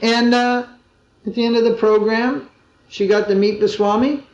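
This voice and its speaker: A man delivers an informal religious discourse, spinning anecdotes in a relaxed, wry way. His voice sits noticeably high for a man. The old lo-fi recording sounds dull and echoes around the room. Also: moderate pace. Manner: conversational storytelling with wry humor. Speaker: swami giving a spiritual talk. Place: gathering in a room. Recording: roomy dull lo-fi 2001 recording.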